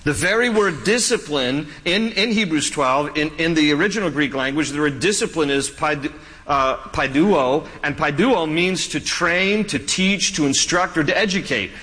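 A man's voice: on the high side, moderate pace, bright, forceful tone, long reverb tail, rough recording. A man preaching a sermon as pastor, folksy and joking, often restarting his sentences.

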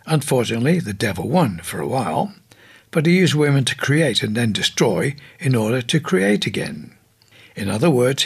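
A man's voice: medium pitch, vocal fry, husky. A man narrating an audiobook in a scripted reading, voicing quoted speakers in turn.

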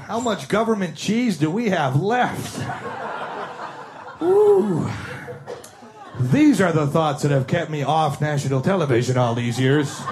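A man's voice: a little high, very animated, a little slow, long pauses. A man doing a stand-up comedy set, rattling off mocking riffs and long lists. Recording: live club with crowd and noise.

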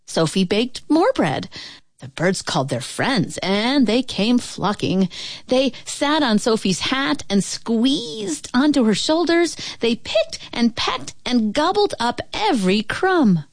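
A woman reading a children's story aloud, lingering over each phrase in a sing-song, expressive way. Her pitch rises and falls widely while her pace stays unhurried. The sound is dry and close to the mic. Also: dry recording. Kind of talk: reading a picture book aloud.

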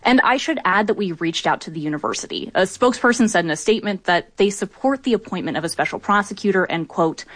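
A woman reporting a news story on radio in a measured, clear delivery. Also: on the low side, no echo.

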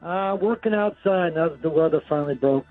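A man calling in to a radio show, easygoing and quick to laugh. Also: fairly high pitch. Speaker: caller. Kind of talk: casual call-in chat. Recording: tinny phone line with faint music.

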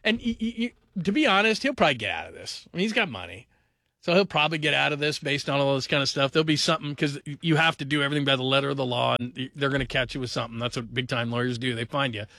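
A man's voice: mid-range voice, racing, no room sound, clean studio sound. A man hosting a sports talk radio show, joking and laughing his way through casual commentary. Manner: animated, laughing, joking asides.

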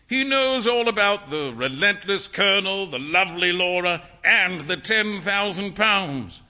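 A worldly young painter, amused and breezy, as a male reader voices him. His voice sits high and swings freely. The tone is very bright. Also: a little slow, full character voice. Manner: breezy, lively, laughing.

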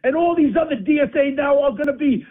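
A man's voice: extremely high pitch, fast. A man ranting angrily and hurling insults as a caller on a talk radio show. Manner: combative, insulting, blustering. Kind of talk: angry political rant. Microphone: phone. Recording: tinny phone line.

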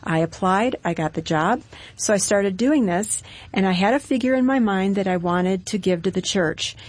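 A middle-aged woman telling her personal testimony as an interview guest, in a bright, matter-of-fact way. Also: medium pitch, moderate pace, no echo.

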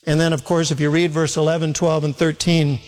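A man preaching a sermon as pastor, animated, firing off rhetorical questions to his church. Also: on the high side, fairly quick, big-room sound, faint music behind.

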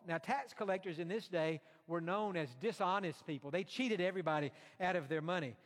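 A man preaching a sermon in an earnest, emphatic way, slowing down to stress key points. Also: sits high, in a large hall. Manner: earnest, slow emphatic delivery with quoted asides.

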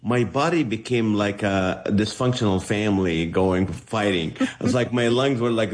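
A man's voice: mid-range voice, normal speed, hardly any pauses. A middle-aged man from the Middle East, a comedian telling his story in an interview and acting out the voices he quotes. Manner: animated, acts out quoted voices. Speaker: comedian guest.

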